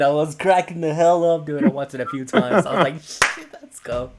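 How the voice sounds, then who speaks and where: A man co-hosting a podcast in casual chat with friends, animated and laughing often, trailing off into mumbles, on a home mic over an online call. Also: a little high, brisk, hardly any pauses, a loud crowd. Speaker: podcast co-host.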